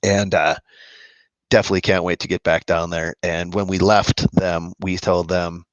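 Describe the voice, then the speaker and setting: Man, low voice, rambling casual chat, dry lo-fi stream sound. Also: little pitch movement, no room sound. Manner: rambling, halting restarts, friendly. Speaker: co-host of a musicians' live chat. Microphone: video call. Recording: dull lo-fi stream audio.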